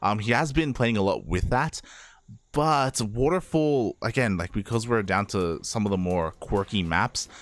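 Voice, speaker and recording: A man's voice: fairly low pitch, unhurried. A man casting a live esports match, chatty, with many fillers and frequent laughs. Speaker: esports caster. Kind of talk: live game commentary.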